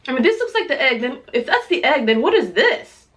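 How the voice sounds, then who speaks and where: A high-pitched woman chats excitably to the camera while eating, describing each dish. She sounds sweaty and teary from spicy food, recorded at home on a camera mic. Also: brisk. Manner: chatty, excitable, exclaims often. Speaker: mukbang host. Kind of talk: casual food vlog chat to camera.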